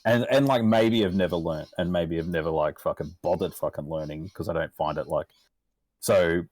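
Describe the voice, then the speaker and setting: A man's voice: deep voice, normal speed, no room sound. An Australian man chatting casually as a podcast guest, swearing constantly and rambling through his stories. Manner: profane, rambling, acts out quotes in animated voices. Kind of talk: casual chat.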